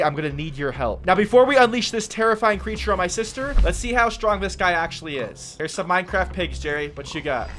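Male gaming host, animated delivery, music bed underneath. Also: on the high side. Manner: playful, drops to a hushed voice when sneaking. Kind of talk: Minecraft gameplay commentary. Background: background music.

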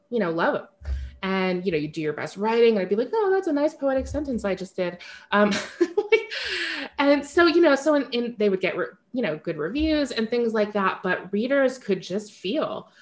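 A woman author talking candidly in an interview, chatty and self-correcting, often laughing at herself. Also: medium pitch. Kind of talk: casual interview conversation.

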